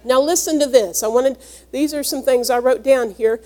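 Her voice is high with a dark tone, and she moves at a moderate pace. Preaching to her congregation, she reads from scripture and earnestly teaches what every word means.

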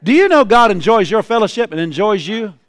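A male pastor preaching a sermon in a church, his fairly high voice smooth and resonant. He calls out to the congregation and stacks repeated lines that climb into shouts. The sound is dry and close. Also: very animated, a little fast, no echo. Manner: preaching with rising shouted refrains.

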